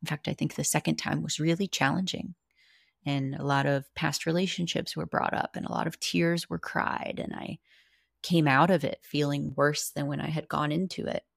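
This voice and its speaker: A woman's voice: deep voice, steady tone, normal speed, creaky, no room sound, clean studio sound. A woman guest on a podcast, earnestly and candidly telling a personal story, with casual swearing.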